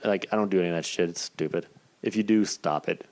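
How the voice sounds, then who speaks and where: A man in his thirties hosting a podcast, telling a personal story in a casual, profane, animated way. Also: deep voice, fast. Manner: profane, animated, acts out quoted voices. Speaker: podcast host.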